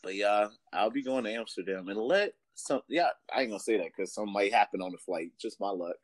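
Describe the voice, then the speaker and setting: A man's voice: on the low side, fast talker, no room sound. A man co-hosting a casual podcast, telling a story with lots of laughter. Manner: animated storytelling, laughs often, does voices in anecdotes. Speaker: podcast co-host.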